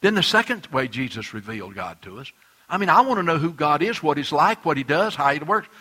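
A man preaching a sermon as pastor, swinging between loud emphatic lines and quiet, hushed ones. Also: a little high, sing-song, brisk.

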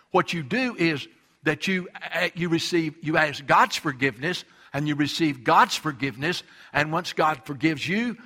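A man's voice: on the high side, sharp tone. A male pastor preaching a sermon, emphatic and repetitive, acting out quoted voices.

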